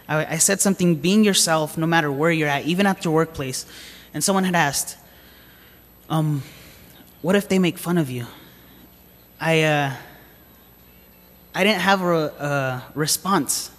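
Guy preaching, reads bible verses then tells his story kinda hesitant, lots of uh and you know, bit higher voice, big hall echo. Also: a bit bright. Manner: reads scripture aloud, then tells a story in casual hesitant talk with fillers. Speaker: lay preacher. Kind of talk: sermon with personal story.

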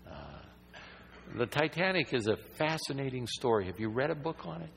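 A man's voice: mid-range voice, lively intonation, brisk, creaky, a bit bright, big-room sound, slight background noise, rough recording. A man preaching a sermon in a conversational, rambling way that builds to emphatic points.

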